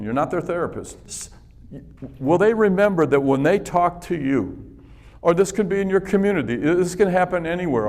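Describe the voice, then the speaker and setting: A man with a fairly high but darkish voice addresses a business group at an event venue. His motivational talk is conversational and built on personal stories, broken up by frequent chuckles.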